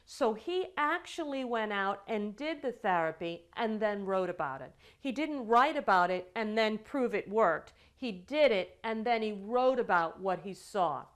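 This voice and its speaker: A woman lecturing a class on child development, telling examples with animated quoted dialogue. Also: mid-range voice, a little slow, hardly any pauses. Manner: storytelling with acted quotes, animated delivery.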